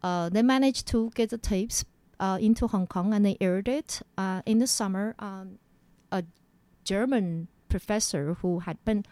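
A woman with a mid-range voice tells stories from her past as an interview guest, speaking at a measured pace with no room sound. She's animated and acts out quoted lines in a raised voice.

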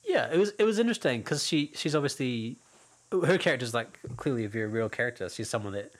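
A man's voice: medium pitch, expressive, fast. A man co-hosting a casual film podcast, rambling and repeating himself, laughing often. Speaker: podcast co-host.

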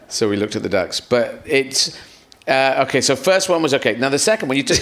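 Male comedian guest, sprawling animated anecdotes with voiced quotes, middle pitch. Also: a little fast, few pauses, a little hiss or hum. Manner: rambling, animated storytelling with acted-out quotes and swearing. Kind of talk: live podcast conversation.

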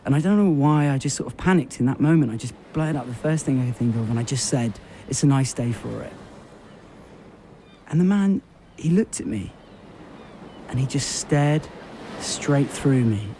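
A man at a middle pitch tells a surreal story in a rambling, deadpan way, looping back over phrases and leaning on fillers. A faint hiss sits under the voice. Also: moderate pace. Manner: rambling, repetitive, full of fillers. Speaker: radio show host. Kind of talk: absurd deadpan storytelling monologue.

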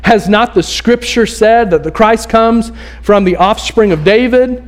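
A man preaching a sermon in a casual, animated way, acting out the quotes in the story. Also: sits high, unhurried. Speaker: pastor. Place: church.

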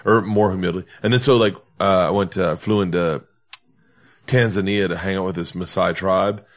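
A middle-aged man hosting a podcast, telling stories in casual chat and laughing hard at his own jokes. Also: moderate pace. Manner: animated storyteller, breaks into high-pitched laughter. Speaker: podcast host.

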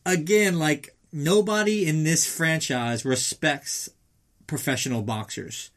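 A man's voice: a little high, very animated, slow, a bit bright. A man casually recapping a film in a rambling, sarcastic way, swearing often.

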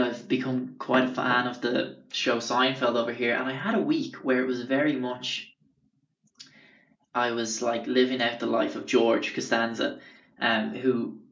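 A man's voice: medium pitch, a bit bright. A young man with an Irish accent tells stories from his life in a rambling, sweary way with lots of fillers. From Ireland. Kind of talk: casual storytelling. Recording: roomy, distant, dull sound.

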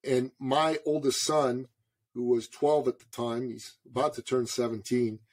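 A man in his forties, a podcast guest from Canada, telling a story in an animated way and calling the host brother. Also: medium pitch, a little slow. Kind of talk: storytelling interview.

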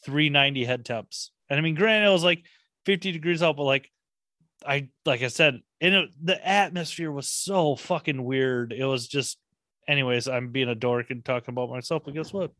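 A young man hosts his podcast in loose, rambling chatter, cursing freely as he gets excited. His voice sits in an ordinary middle register. The sound is close and dry, with no room behind it. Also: medium pitch, normal speed, no room sound. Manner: profane, rambling, enthusiastic. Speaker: podcast host. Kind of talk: casual chat.

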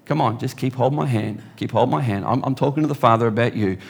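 A man voicing the Holy Spirit, soft and coaxing. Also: mid-range voice, fast talker, gravelly, slightly rough. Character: gentle reassuring male Holy Spirit.

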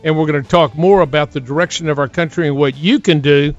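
A man's voice: a little high, steady tone, fast, muffled recording, soft background music. An older man hosting a political radio talk show, speaking in an emphatic, urgent way.

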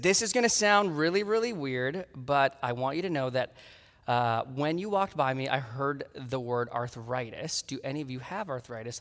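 Man preaching in an echoing hall. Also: mid-range voice. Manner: animated storytelling, acting out his own dialogue. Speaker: pastor. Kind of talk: sermon.

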